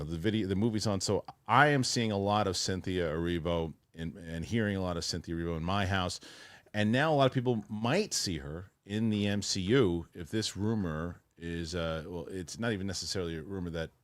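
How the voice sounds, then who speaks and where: A man's voice: deep voice, no room sound. A middle-aged man hosting a show, talking in a chatty, rambling way with frequent restarts. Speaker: show host. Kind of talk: casual chat and read ad.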